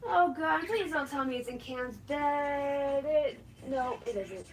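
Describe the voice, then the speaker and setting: A woman's voice: high-pitched, slow pace, a little hiss or hum. A woman streaming casually, swearing and stammering as she chases loose crickets into a cage. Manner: frustrated, swearing, stammering restarts. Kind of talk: casual live stream talk.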